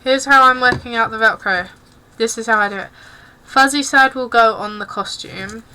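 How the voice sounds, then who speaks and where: A woman's voice: fairly high pitch, moderate pace, bright, forceful tone, low-quality recording. A young English woman streaming while she crafts, chatting casually and awkwardly, apologising often. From England. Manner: self-consciously awkward and apologetic. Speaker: cosplay streamer.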